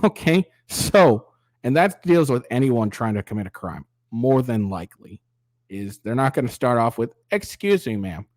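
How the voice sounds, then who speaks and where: A man's voice: mid-range voice, animated, normal speed, a little mellow, no echo. Male commentary host, mocking and profane, dry close sound. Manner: mocking, profane, mimics voices. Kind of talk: sarcastic reaction commentary.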